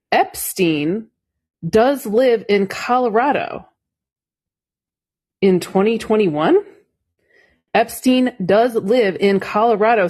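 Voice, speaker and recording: A woman commentator reads documents aloud and comments on them. She sounds incredulous and mocking and swears freely. Her delivery is slow and drawn out. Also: mid-range voice, darkish tone.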